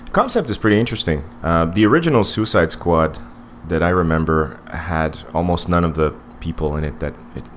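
A man's voice: deep voice, expressive, fairly quick, hardly any pauses, a little hiss or hum. A man in his forties co-hosting a casual podcast movie review, rambling with many fillers and restarts. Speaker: podcast co-host.

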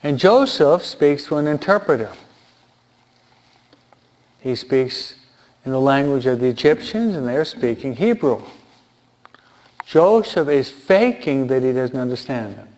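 Slow, questioning man teaching the Bible. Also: mid-range voice, lively intonation, a little mellow. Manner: asks listeners rhetorical questions, adds "huh?"; repeats key points for emphasis. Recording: dull lo-fi recording.

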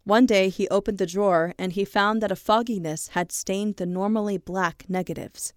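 A podcast co-host reads a true story aloud, dropping in chatty asides. Her voice sits at a medium pitch with fairly even intonation and a moderate pace, captured as clean studio sound with no room noise.

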